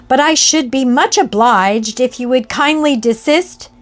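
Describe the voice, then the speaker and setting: A woman reading aloud, voicing an angry, excitable male lawyer who speaks sharply. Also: sits high, measured pace, pitched above the performer's own voice. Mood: alarmed. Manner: sharp and agitated.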